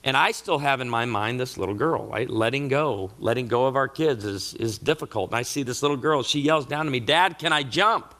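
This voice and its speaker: A middle-aged man speaks to a marriage conference audience in a sermon-style talk, his voice bright and forward. He tells stories with lively comic timing. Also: mid-range voice, a little fast, hardly any pauses. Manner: animated storyteller with comic asides.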